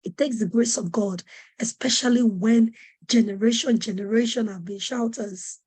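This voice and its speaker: A fairly high, husky woman's voice teaches parents in a webinar, pleading and pressing each point. She repeats her questions with urgent, preacher-like weight. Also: normal speed, darkish tone. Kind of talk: earnest teaching talk to parents.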